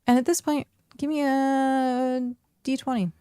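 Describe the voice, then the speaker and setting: A young woman running a tabletop game on stream, narrating scenes with lively asides. Her voice sits fairly high for a woman. The sound is dry and close, with no room sound. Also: unhurried, clean tone, no echo.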